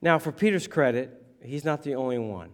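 Speaking at medium pitch and a normal speed, a man delivers a sermon as a pastor, bringing a story to life with lively shifts and voicing those he quotes.

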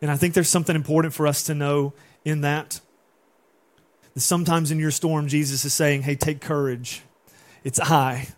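A man preaching to his church in a fairly high voice. He builds to emphatic peaks, then drops into relaxed asides. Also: normal speed. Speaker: pastor. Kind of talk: sermon.

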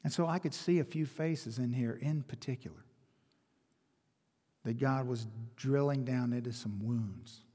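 Husky-voiced pastor preaching in reverberant church. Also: male voice, medium pitch, measured pace. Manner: dramatic storytelling with sudden swings from loud to hushed. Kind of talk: sermon. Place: church sanctuary. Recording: long reverb of a church hall.

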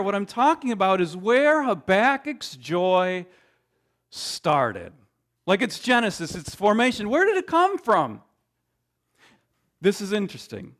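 A man preaching a sermon, emphatic, with dramatic pauses and frequent restarts. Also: high-pitched, wildly swooping pitch, a bit bright. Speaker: pastor.

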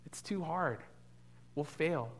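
Man, pastor, sermon, conversational, ums and uhs, animated quotes, church. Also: fairly high pitch, slow. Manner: conversational storytelling with frequent fillers; gets loud and animated when quoting. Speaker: guest pastor.

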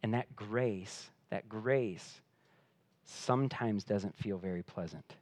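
A man preaching a sermon as pastor, earnest, rising in pitch and force for emphasis and then dropping quiet, often repeating words as he restarts. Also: slow, no room sound.

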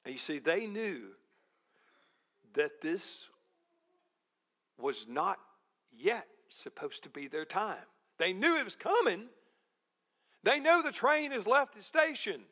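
Male pastor with a high voice, unhurried sermon delivery, leans on rhetorical questions. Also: sing-song, bright, forceful tone. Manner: slow, deliberate preaching with rhetorical questions.

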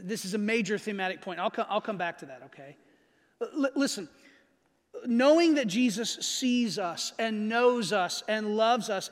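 A man pastor giving a conversational sermon, stressing key phrases by slowing down and checking in with his listeners. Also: high-pitched, fairly bright tone. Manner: conversational, asks the audience questions. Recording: long reverb of a large hall.

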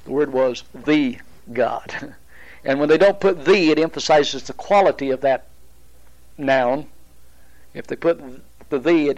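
A man teaching a Bible study, explaining at a deliberate pace with pauses and restarts. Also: medium pitch, low-quality recording.

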